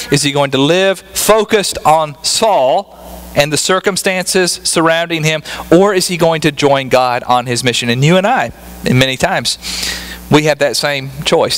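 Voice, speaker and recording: High-voiced man preaching a conversational sermon. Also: fairly bright tone, low-quality recording. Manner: conversational preaching with rhetorical tag questions. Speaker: pastor.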